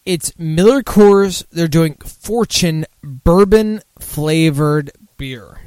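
A man's voice: a little high, extremely slow, darkish tone, clean tone, no echo. A drunk man hosting a casual beer talk show, rambling, swearing and losing his thread. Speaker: podcast host.

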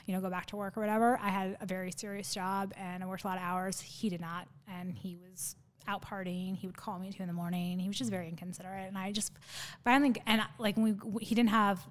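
A woman's voice: mid-range voice, little pitch movement, quick pace. A woman in her thirties, a podcast guest, telling a personal story in a nervous, rambling way with many fillers and restarts. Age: 30s.

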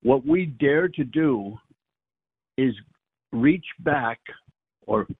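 Priest guy stumbling over words, mid pitch, sounds like a tinny phone call. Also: expressive, husky, no room sound. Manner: halting, searching for words, repeats himself. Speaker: priest guest. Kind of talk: reflective conversation on faith. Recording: dry tinny phone-like line.

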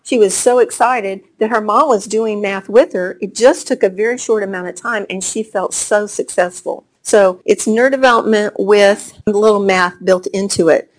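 A woman's voice: medium pitch, normal speed, hardly any pauses. A woman presenting to homeschooling parents, explaining child brain development and telling stories that she acts out. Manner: warm storytelling with acted-out quotes. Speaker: speaker on gifted children's development.

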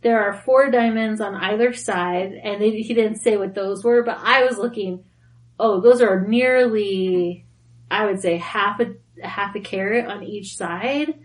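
A young woman co-hosting a podcast, telling stories in casual chat, excitable and quick to laugh. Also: mid-range voice, rough recording. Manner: excitable storyteller, laughs often. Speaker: podcast co-host.

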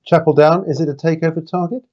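Brief: male business interviewer, mellow tone, probing but chatty, dull recording. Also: on the high side, steady tone, quick pace. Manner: probing, conversational, hesitant fillers.

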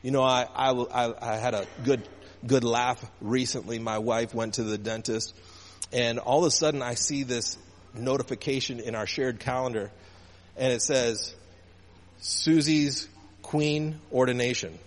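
A man's voice: mid-range voice, steady tone, unhurried. A male pastor preaching a sermon, calling out to the congregation, with emphasis that rises and falls. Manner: call-and-response preaching, rising and falling emphasis. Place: church sanctuary. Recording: church hall reverb.

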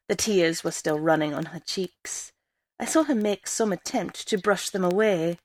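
A woman reading a first-person story aloud in a measured storytelling way. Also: fairly low pitch, darkish tone. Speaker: story reader.

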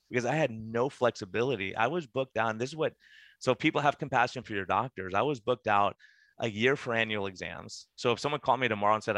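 A man's voice: lowish voice, fast talker, a bit bright, no echo. A middle-aged man, a physician guest, telling stories in conversation and animatedly acting out the dialogue he quotes. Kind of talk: conversational storytelling.

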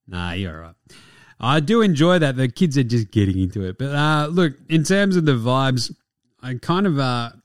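A man's voice: mid-range voice, lively intonation, moderate pace, no echo, studio quality. A young Australian man hosting a sports podcast, talking in a blunt, sweary, jokey way. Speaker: podcast host. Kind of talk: casual sports podcast chat.

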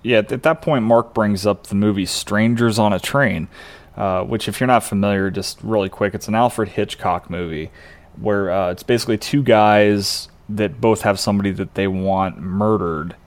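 A man co-hosting a podcast, casually recapping a TV episode in a relaxed, explanatory way. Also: on the low side, normal speed. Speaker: podcast co-host.

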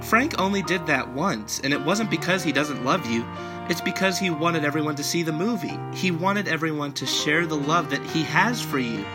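Soft-spoken kids' TV host, played by a man, lively and calm, guitar bed. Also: a little high, normal speed, natural voice. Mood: reassuring. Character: gentle soothing children's TV host, male.

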